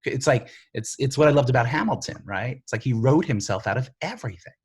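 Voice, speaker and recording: A man's voice: mid-range voice, quick pace, husky. A middle-aged man from the Bronx, a TV writer and showrunner, telling his career story in a candid, rambling interview full of fillers. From the Bronx, New York. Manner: animated, rambling, filler-heavy.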